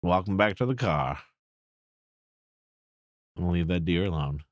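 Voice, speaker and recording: A young man with a deep voice that swings widely in pitch gives casual commentary while he streams a horror game. He mutters, swears and laughs at what happens on screen. His voice is close and dry, with faint game music behind it. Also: expressive, normal speed, dry recording.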